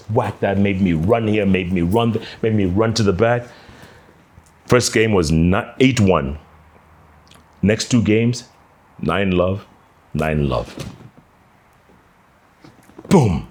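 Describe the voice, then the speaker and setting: A man, a journalist, telling an animated anecdote with many casual fillers. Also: sits low, breathy edge. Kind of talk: anecdotal storytelling.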